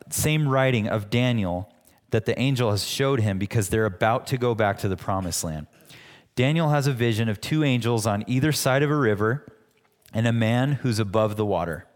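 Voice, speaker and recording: A man delivers a sermon in a relaxed, conversational way, often restarting his sentences as he teaches. His voice sits at an ordinary middle pitch. The sound rings with the long reverb of a church hall. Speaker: pastor.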